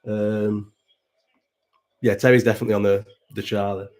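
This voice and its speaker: On a watch-along livestream, a thirty-something host from Bolton, England, chats and rambles in his Northern English Bolton accent, cursing freely and answering viewers in the chat. He speaks at a moderate pace in a lowish, darkish voice with little pitch movement.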